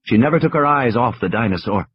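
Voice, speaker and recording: A man's voice: medium pitch, animated, fast talker, lo-fi sound, heavy background noise. A man narrating an audiobook with a tense, dramatic delivery.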